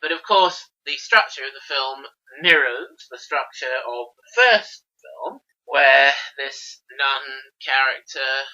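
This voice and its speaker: A woman's voice: extremely low pitch, slow, few pauses. A woman co-hosting a podcast, chatting casually and animatedly about old films. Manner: animated, chatty retelling of film scenes. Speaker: podcast co-host. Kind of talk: casual film-review chat. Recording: slightly dull, lo-fi podcast audio.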